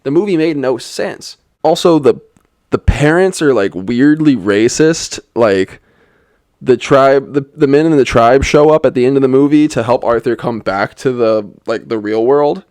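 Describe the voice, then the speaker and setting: A man's voice: mid-range voice, moderate pace, a little mellow, smooth, no echo. A young man giving a sarcastic, rambling comedic movie review, with lots of "like" fillers. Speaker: film reviewer. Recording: dry voice-over.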